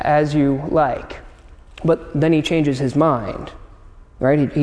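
A man's voice: fairly high pitch, a little mellow, in a large hall. A man preaching a sermon in a conversational way, often stumbling over repeated words and asking "right?". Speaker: pastor.

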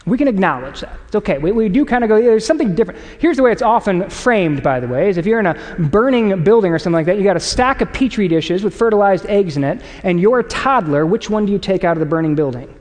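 A man delivers a sermon in a casual, storytelling way and acts out little exchanges. His voice sits high for a man. A long reverb trails behind him, like a church auditorium. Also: fast talker, hardly any pauses. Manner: conversational, animated storytelling with acted quotes. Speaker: pastor. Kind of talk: sermon to a congregation.

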